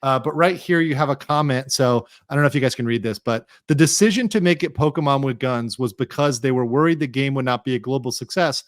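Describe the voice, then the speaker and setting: A man's voice: medium pitch, fast, hardly any pauses, dry recording, clean studio sound. A man chatting casually on a podcast panel, often tagging his points with "right?" and "I mean". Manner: tags remarks with "right?" and "I mean".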